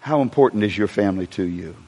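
Speaking fast in a fairly low voice, a male pastor delivers an animated sermon in a church sanctuary. He cracks jokes and asks the congregation questions as he goes, with long hall reverb on the recording.

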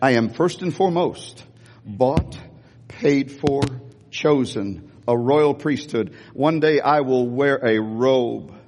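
An older American man, a pastor, preaching an animated sermon and calling on the congregation to repeat after him. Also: medium pitch, takes it slowly, long reverb tail. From United States. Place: church sanctuary.

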